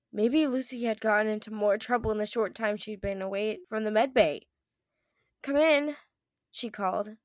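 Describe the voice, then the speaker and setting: A teenage girl reading narration in a homemade fan audio drama, her voice rising to shouts in emotional moments. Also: fairly high pitch, no room sound, studio quality. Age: teens. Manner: reads narration and voices several characters, shouting in emotional lines. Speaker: co-narrator and voice actor.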